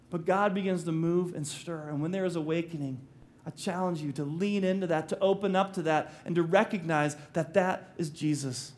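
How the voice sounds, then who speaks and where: High-voiced male pastor preaching. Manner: animated, acts out quotes and jokes. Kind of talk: sermon.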